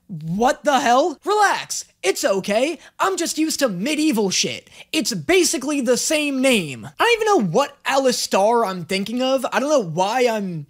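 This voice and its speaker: A reaction-video host giving casual, sarcastic commentary full of swearing and quick asides. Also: medium pitch, sing-song, fairly bright tone.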